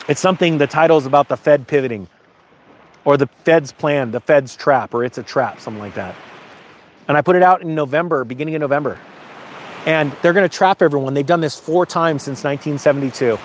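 A middle-aged man hosting his own channel, talking casually and emphatically, rambling and getting emotional. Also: on the high side. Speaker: channel host. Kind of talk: casual to-camera talk.

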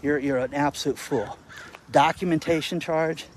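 A male content creator telling stories to camera outdoors in the wind, animated and exasperated. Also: fairly high pitch, normal speed. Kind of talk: casual vlog rant.

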